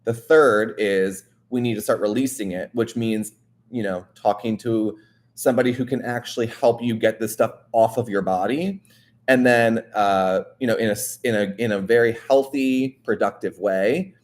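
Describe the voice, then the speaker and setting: A man's voice: lowish voice, normal speed. A man hosting a wellness show, talking earnestly and directly to the listener in a casual, coaching way, often checking in with "right?". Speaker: wellness podcast host. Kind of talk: motivational casual talk.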